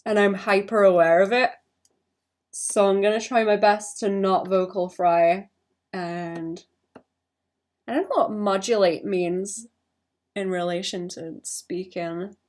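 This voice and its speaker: A young woman talks her way through a drawing session on a casual livestream, thinking aloud. Her voice sits mid-range with a touch of vocal fry. She rambles and second-guesses herself. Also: mid-range voice, fairly even intonation, takes it slowly, pauses often. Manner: thinks out loud, rambling and self-conscious. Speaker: illustrator streaming her drawing.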